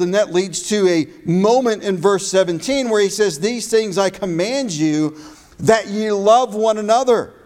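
A man with a high voice preaches a sermon. His delivery is emphatic, and he slows and stresses his key phrases. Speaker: pastor.

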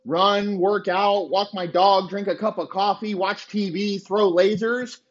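A man's voice: sits high, fairly even intonation, a little slow. A man hosting a podcast, delivering a crude, boastful, insulting comedic rant. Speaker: podcast host. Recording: dull lo-fi sound.

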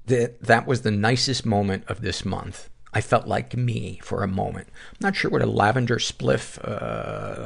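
A man's voice: fairly low pitch, creaky. A middle-aged man hosting a podcast, reading listener submissions aloud and adding wry asides between them. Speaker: podcast host.

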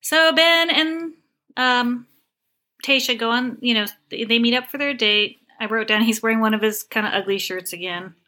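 A woman's voice: on the high side, moderate pace, pushed and bright. A woman co-hosting a podcast, casually recapping a TV show and quoting scenes. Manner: chatty, recounts scenes with quoted lines. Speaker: podcast co-host.

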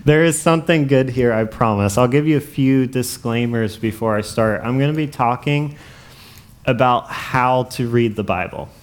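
A man's voice: mid-range voice, moderate pace. Chatty male preacher laughing at his jokes. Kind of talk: casual sermon.

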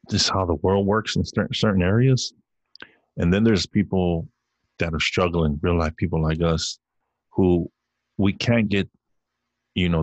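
A man's voice: deep voice, no echo. A young man hosting a solo podcast, rambling off on heated, profane tangents. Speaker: podcast host.

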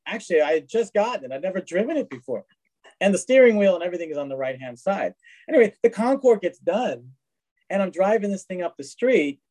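A man, somewhat high-pitched, telling stories about his race cars in a loose, rambling way. He restarts his sentences and acts out what people said. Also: a little mellow, poor audio. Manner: rambling anecdotes with frequent restarts and acted-out quotes. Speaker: guest, race car collector. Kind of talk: casual storytelling.

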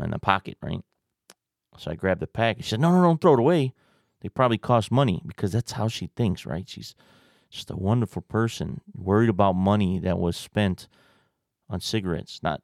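A man with a low, gravelly voice tells a personal story in a loose, rambling way. He swears often and ends his points with quick questions. His voice sits close and dry, with no room around it. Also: dry recording. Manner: profane, rambling, tag questions. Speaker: podcast host. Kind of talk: casual storytelling.

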